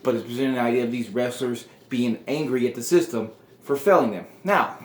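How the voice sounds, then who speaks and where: A man's voice: mid-range voice, brisk. Man rambling through a story. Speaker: video host. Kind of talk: casual fantasy-booking storytelling. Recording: roomy echo.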